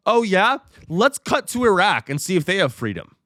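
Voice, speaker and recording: Male comedian host, profane sarcastic rant, animated pitch. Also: normal speed, hardly any pauses, dry recording, studio quality. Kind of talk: comedic ranting monologue.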